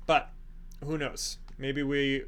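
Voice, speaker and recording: A man voicing a gruff male refugee leader in a tabletop game, with a brogue that drifts between Irish and Scottish. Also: mid-range voice, little pitch movement, slow, a bit bright. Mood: worried. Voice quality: slipping brogue, half Irish, aiming for Scottish.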